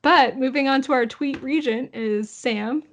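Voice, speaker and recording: High-voiced playful podcast co-host woman. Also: measured pace. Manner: playful, giggly, reads listener comments. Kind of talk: casual chat.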